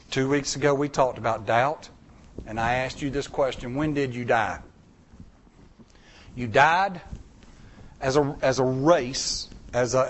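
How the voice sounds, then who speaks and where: A man with a fairly high voice delivers a sermon as the pastor. He talks in a folksy, conversational way, swinging his pitch up and down as he makes his points. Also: measured pace.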